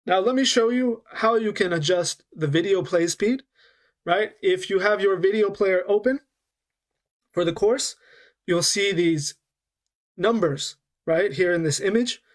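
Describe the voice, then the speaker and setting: Man, fairly high voice, English teacher, patient, checks in with "okay?". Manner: patient, slows down to demonstrate, frequent "okay?" and "right?". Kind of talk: online course lesson.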